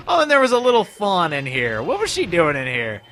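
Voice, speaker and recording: A man chatting his way through a video game, his voice bright and fairly high, swinging widely up and down as he talks. He bursts into loud playful outbursts now and then, with game music playing faintly behind him. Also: wildly swooping pitch, normal speed. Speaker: let's play host. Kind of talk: casual gameplay commentary.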